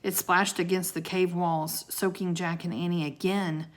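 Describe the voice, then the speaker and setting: A woman's voice: lowish voice, steady tone, a little slow. A woman reading a children's book aloud, with chatty asides to her listeners. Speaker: storybook reader.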